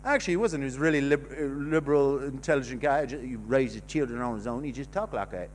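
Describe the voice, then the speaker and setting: A Canadian comedian in his fifties rambles through a stand-up set on a comedy club stage, mocking himself, swearing freely and letting his thoughts trail off. His voice is medium-pitched and quick, with slight background noise.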